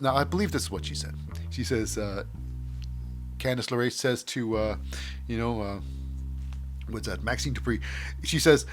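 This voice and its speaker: A man's voice: mid-range voice, lively intonation, normal speed, long pauses, faint music behind. A man hosting a show, casually recapping in a rambling way, often acting out scenes in voices. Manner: rambling, many fillers and restarts, acts out scenes. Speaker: podcast host.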